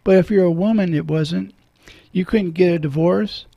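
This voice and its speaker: A man's voice: sits high, moderate pace, gravelly, no room sound, dull audio. A middle-aged man hosting a radio talk show from a studio, earnest and preacherly, moved when he quotes scripture.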